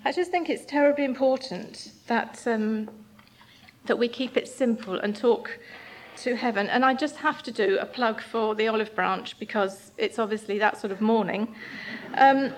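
A woman giving an earnest, gentle sermon in a church, sometimes reading passages aloud. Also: fairly high pitch, slight background noise. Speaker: church speaker.

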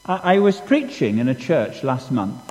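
A man's voice: medium pitch, very animated, normal speed, a little mellow, in a large hall, low-quality recording. A man preaching a sermon, telling stories in a conversational, self-deprecating way with many restarts. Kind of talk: sermon with storytelling.

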